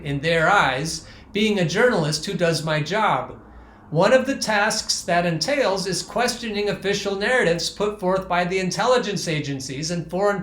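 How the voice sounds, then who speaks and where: A man's voice: high-pitched, a bit bright, reverberant. A male podcast host giving sarcastic, blunt commentary, reading out quotes and swearing freely. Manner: sarcastic, scornful, blunt with profanity.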